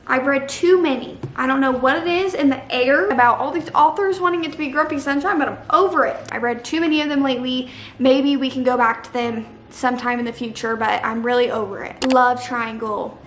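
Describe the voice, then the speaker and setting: A woman's voice: sits high, a little fast, a bit bright. Chatty young woman in an echoey room. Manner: chatty, dramatic, opinionated. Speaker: book vlogger. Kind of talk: casual chat. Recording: echoey room with faint noise.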